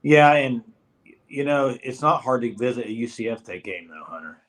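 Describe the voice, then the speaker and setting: A man's voice: mid-range voice, animated, normal speed, a bit bright. A young man co-hosting a casual college football recruiting chat, emphatic and giving direct advice to viewers.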